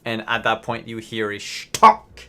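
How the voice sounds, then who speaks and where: A man's voice: fairly low pitch, level tone, measured pace, a bit bright, a little hiss or hum. A man running a tabletop role-play as game master, narrating casually and voicing the characters. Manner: casual, with fillers.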